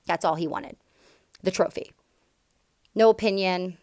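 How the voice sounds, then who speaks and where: A woman's voice: on the low side, unhurried, a little mellow, no room sound. A woman in her young adult years telling a personal story to camera, emphatic and candid, full of asides. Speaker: vlogger sharing a personal story.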